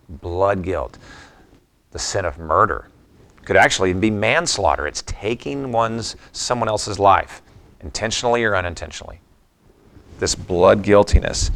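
Deep gravelly-voiced middle-aged male preacher. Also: a bit bright. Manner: reflective, conversational preaching with personal stories. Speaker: pastor. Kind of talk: sermon.

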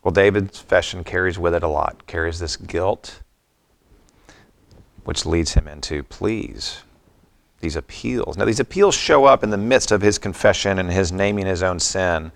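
A man's voice: sits low, normal speed, gravelly. A middle-aged man preaching a sermon in a reflective, conversational way, mixing scripture with personal stories. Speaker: pastor.

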